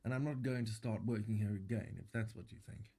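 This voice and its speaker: A gravelly, dark-toned cafeteria manager, middle-aged and short on patience, as a man puts him on for a game playthrough. His lines come clipped and defensive. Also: lowish voice, fairly even intonation, fairly quick. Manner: curt, defensive.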